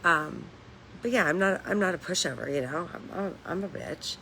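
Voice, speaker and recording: A woman's voice: on the low side, expressive, normal speed, gravelly, pushed and bright, slight background noise, low-quality recording. A woman hosting a casual livestream from home, talking candidly in a rambling way, swearing freely and laughing between lines. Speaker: livestream host.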